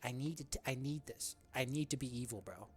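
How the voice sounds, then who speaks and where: Young male gamer, mid pitch, slangy and joking, casual play-by-play, says "bro" a lot. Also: a little fast, a little mellow, breathy edge. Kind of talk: casual gameplay commentary.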